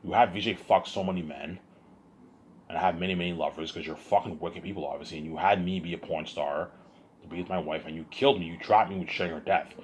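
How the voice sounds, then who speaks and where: A man's voice: sits low, fast, a little hiss or hum. A tired man vlogging to his viewers in a rambling monologue, repeating himself, stumbling over restarts and swearing.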